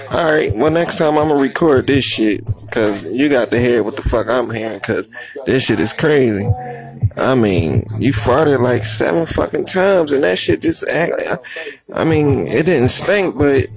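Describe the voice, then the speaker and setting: A man's voice: fairly high pitch, animated, measured pace, gravelly, faint music behind. A man telling a profane, rambling comic story, repeating himself and asking "you know what I mean". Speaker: comedian.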